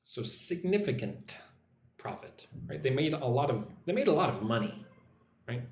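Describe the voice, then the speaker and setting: A man teaching English on a live stream, slowly modeling pronunciation and reading viewer comments aloud. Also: mid-range voice, sing-song, a little mellow, reverberant.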